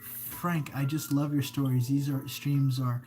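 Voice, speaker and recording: With a warm, mid-range voice that barely moves in pitch, a man hosts a casual live stream of creepy stories at a measured pace. He rambles, cuts himself off mid-sentence, and reads viewers' comments aloud, with faint music playing behind him.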